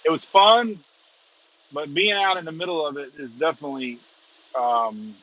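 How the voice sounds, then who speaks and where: A man rambles and chuckles through a casual livestream chat from inside a moving car. His voice sits a little high, and the lo-fi audio sounds dull and muffled. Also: moderate pace, bright, forceful tone. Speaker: storm chaser, stream host. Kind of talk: casual live chat while driving.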